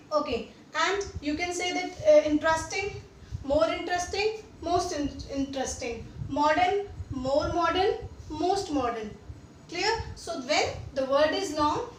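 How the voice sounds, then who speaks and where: Young female teacher with an Indian English accent and a high voice, repetitive and checking in with students, heard from a distance in an echoey room. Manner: repeats examples and checks understanding. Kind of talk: classroom grammar lesson. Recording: echoey room, distant mic, faint noise.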